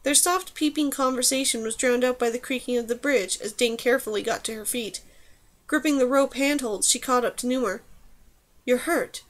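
A woman's voice: fairly high pitch, brisk. Woman narrating an audiobook. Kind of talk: scripted narration.

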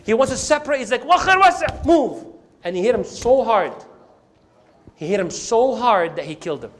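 Male preacher, high-pitched storyteller who acts out the scenes. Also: fairly quick, slight background noise. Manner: animated, acts out the scenes, quotes Quranic Arabic. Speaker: Islamic preacher. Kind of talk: storytelling sermon.

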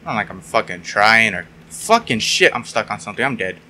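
Young man, gameplay commentary, sarcastic, cursing, yelps, crisp bright tone. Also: lowish voice, big pitch swings, brisk, a little hiss or hum. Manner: sarcastic, swears often, yelps when frustrated. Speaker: gaming YouTuber.

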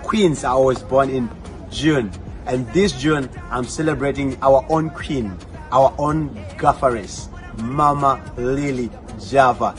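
A man with a mid-pitched voice speaks in an excited, affectionate way. His recorded greeting has soft music playing underneath it. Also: slow pace.

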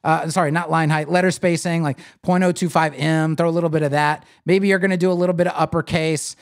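A man's voice: fairly high pitch, fast. A man hosting a live web design stream, casually explaining as he clicks through a site builder and talking to viewers. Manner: casual, animated, talks to viewers while clicking. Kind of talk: live screen-share tutorial.

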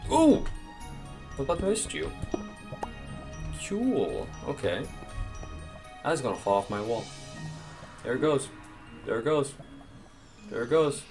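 A man narrating his own game session in an unhurried way, his pitch leaping up and down as things catch his eye. He chats to the objects around him and drops the odd playful curse. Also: gravelly, music in the background. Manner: excitable, talks to game items and swears playfully. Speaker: gaming YouTuber. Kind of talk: let's play commentary.

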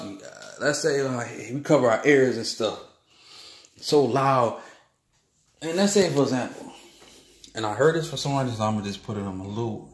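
A man's voice: mid-range voice, echoey room. A man, rambling through a heated spiritual monologue, repeating himself and ending his lines with "man". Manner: heated, repetitive, keeps saying "man" and "bull crap".

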